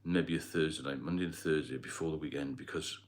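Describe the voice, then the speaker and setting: His pitch is extremely low, his intonation fairly even, and his pace fairly quick. A middle-aged man from Northeast England with a Geordie-London accent, he hosts a casual livestream chat and rambles through viewer comments.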